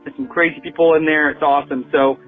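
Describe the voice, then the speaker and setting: An eager male caller pleading with listeners in a voicemail. His voice sits fairly high, and it comes through a tinny phone line with music behind it. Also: flat delivery, quick pace. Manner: enthusiastic, pleading. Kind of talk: voicemail message.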